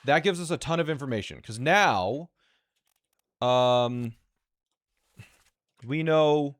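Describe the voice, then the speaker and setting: At a medium pitch, a man streams a puzzle game and thinks out loud in live commentary. He sounds excited, talks quickly, and tends to repeat himself.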